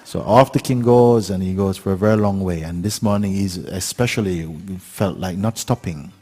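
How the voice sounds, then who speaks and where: A man giving a spiritual talk, telling a parable in an unhurried, gentle way with pauses and fillers. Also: deep voice. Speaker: spiritual teacher.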